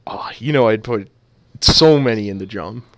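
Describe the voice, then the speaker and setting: A man's voice: fairly low pitch, normal speed, fairly bright tone, dry recording. A man casting a video game match live, trading playful jokes with his co-caster. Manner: joking, playful banter. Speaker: esports caster.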